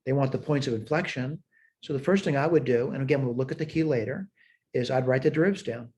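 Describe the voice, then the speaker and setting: A man's voice: medium pitch, fast talker, a little mellow. A man teaching a math lesson, thinking aloud as he works problems step by step at a whiteboard. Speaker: math instructor. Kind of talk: recorded math lesson walkthrough. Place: at a whiteboard, screen sharing.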